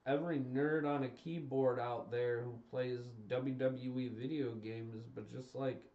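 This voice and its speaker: In this casual ranting commentary, a young adult man on stream emphatically vents his exasperation, circling back to the same points. His mid-range voice keeps fairly even intonation at an unhurried pace. The recording is distant, with roomy, dull lo-fi stream quality.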